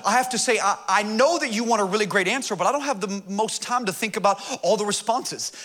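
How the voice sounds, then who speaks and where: A man's voice: high-pitched, pushed and bright. A middle-aged man preaching a sermon, telling humorous stories in an earnest way. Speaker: pastor.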